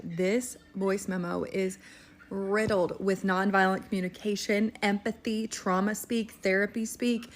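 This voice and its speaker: A woman giving pointed, incredulous commentary on a celebrity dispute. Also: mid-range voice.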